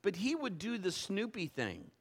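A man preaching a sermon as pastor, acting out stories and swinging from hushed tones to shouts. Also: high-pitched, huge pitch swings, normal speed. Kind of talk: sermon with personal storytelling.

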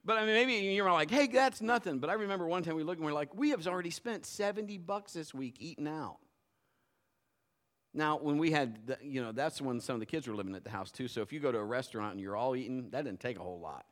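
A middle-aged male pastor preaching a sermon in a lively, conversational way, acting out little quotes. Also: medium pitch, racing, few pauses.

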